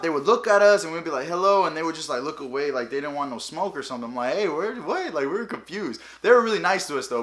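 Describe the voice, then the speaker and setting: A young man vlogging, telling funny travel stories in a casual, animated way and acting out the people he quotes. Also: a little high. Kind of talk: casual storytelling.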